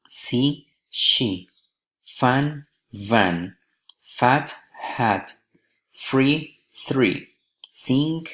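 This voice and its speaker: A man from Colombia, a language student, reading a pronunciation drill aloud slowly and carefully, one word pair or sample sentence at a time. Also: on the low side, fairly bright tone, poor audio.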